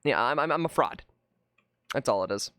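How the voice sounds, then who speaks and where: A streamer giving live gameplay commentary, jokey and exasperated, swearing and breaking into loud outcries. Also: medium pitch, lively intonation, moderate pace, clear, resonant tone, no echo.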